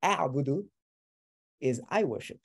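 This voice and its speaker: A man's voice: on the high side, animated, measured pace, vocal fry, husky. A man teaching a beginner class, explaining patiently step by step. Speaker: Arabic teacher.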